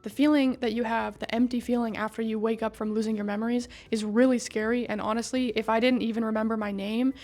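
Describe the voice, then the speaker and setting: A woman with a slightly high voice talks through a game's story in a loose, chatty recap. She is sarcastic and swears freely. Faint music plays behind her. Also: steady tone, quick pace, few pauses, a little mellow. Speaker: video creator recapping a game story.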